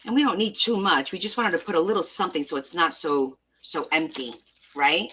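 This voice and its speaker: Gushing over stickers as she sorts them, a woman talks to herself and her viewers while crafting a junk journal, in a chatty style she describes as a valley-girl lilt. She's a crafting vlogger with a fairly low, animated voice that's pushed, bright, and slightly rough, moving at normal speed.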